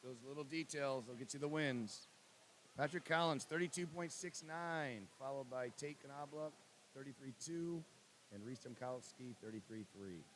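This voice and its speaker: A man announcing lane assignments and calling races as commentator for a swim meet livestream, with a steady list-reading cadence. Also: mid-range voice, normal speed, a little hiss or hum. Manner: reads lane lists in a steady cadence, banters with co-host.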